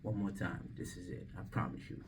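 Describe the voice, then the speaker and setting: A man's voice: low voice, fairly even intonation, a little fast, recorded from a distance, a little hiss or hum. A young man reading news on campus radio, then joking to camera between takes in a slangy, self-mocking way. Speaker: campus radio newscaster and vlogger. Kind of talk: casual vlog with news reading. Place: radio station booth.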